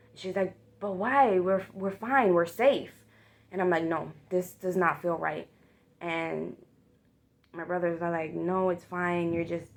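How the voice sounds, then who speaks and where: A woman's voice: fairly low pitch, creaky. A woman casually retelling a vivid dream as a storytime, swearing freely and using lots of fillers.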